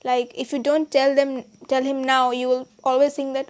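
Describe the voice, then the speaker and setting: A woman whose first language is Bengali, chatting casually in a vlog with halting, hesitant speech full of restarts and fillers. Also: sits high, flat delivery. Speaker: channel host.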